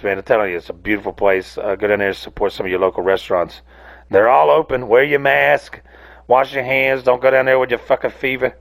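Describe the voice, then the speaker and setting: A man with a drawl rants casually as a podcast host, swearing freely and wandering between thoughts. His mid-pitched voice has a gravelly, creaky edge. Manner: rambling, profane, self-interrupting. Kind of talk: casual solo rant.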